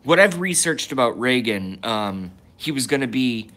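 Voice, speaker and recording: A young man holds forth alone on a livestream in a rambling rant. His voice is bright and slightly sharp at an ordinary middle pitch. He stops and restarts his sentences constantly and breaks off to read viewer comments aloud. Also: animated, normal speed. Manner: rambling, stop-start with many restarts and asides; reads viewer comments aloud and answers them. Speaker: livestream host.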